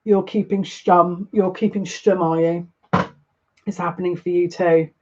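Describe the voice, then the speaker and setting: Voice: mid-range voice, fairly even intonation, unhurried. A tarot reader gives a collective tarot reading, overwhelmed and emotional, often breathless and restarting sentences. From United Kingdom. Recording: slightly muffled lo-fi audio.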